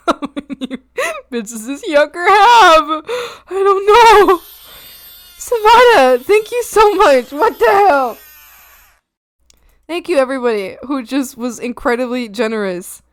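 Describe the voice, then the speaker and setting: A woman's voice: high voice, expressive, measured pace, long pauses. A young woman streaming, chatting casually and thanking viewers, playful and giggly as she teases her chat with mock scolding. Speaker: art streamer.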